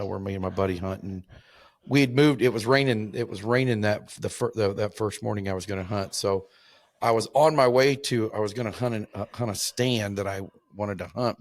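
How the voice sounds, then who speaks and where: Male hunting host, low voice, dry close recording, rambling casual storyteller. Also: no room sound. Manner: rambling, halting, with many restarts and fillers.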